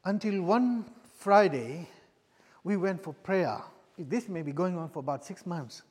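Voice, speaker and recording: A man preaching a sermon with a personal testimony, earnest and halting, often restarting and repeating his phrases. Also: high voice, lively intonation, darkish tone, slightly rough, big-room sound.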